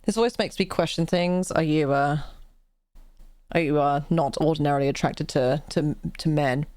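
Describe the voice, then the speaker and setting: A woman's voice: sits low, moderate pace, a little mellow, dry recording, clean studio sound. A British woman from the UK chatting casually on a live stream, telling rambling stories full of restarts and laughs. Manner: rambling, self-interrupting storyteller who laughs often.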